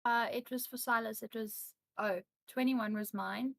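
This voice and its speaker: Bright-voiced chatty woman player. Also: on the high side, steady tone, a little slow, creaky, dry recording. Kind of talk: casual chat on a game call.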